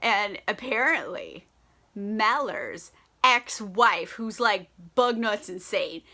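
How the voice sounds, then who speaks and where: A woman's voice: mid-range voice, sing-song, slow pace, pushed and bright. A tipsy woman vlogger recapping a book in a casual, brash, profane and giggly way. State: tipsy from wine.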